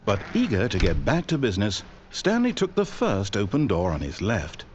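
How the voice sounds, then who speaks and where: A man's voice: lowish voice, wildly swooping pitch, normal speed, a little mellow, a little hiss or hum. An actor playing a wry, dry male narrator in a video game, speaking with ironic theatrical flair. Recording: dull game audio with music.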